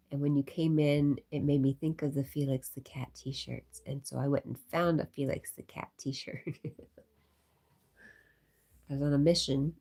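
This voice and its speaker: Low husky woman chatting on a livestream. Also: warm tone. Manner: chatty, reads comments aloud, often drops to a whisper. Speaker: livestream host. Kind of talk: casual livestream chat, reading viewer comments.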